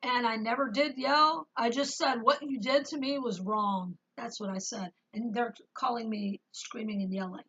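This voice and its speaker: A woman's voice: on the high side, fairly even intonation, moderate pace, few pauses, a bit bright, breathy edge, highs cut off. A woman giving an emotional personal testimony as a Christian vlogger, speaking emphatically and reading scripture aloud with rising intensity.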